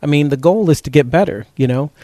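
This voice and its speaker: A man's voice: fairly high pitch, quick pace, mellow, dry recording, clean studio sound. A man hosting a health talk show, chatting casually and rambling, with many fillers.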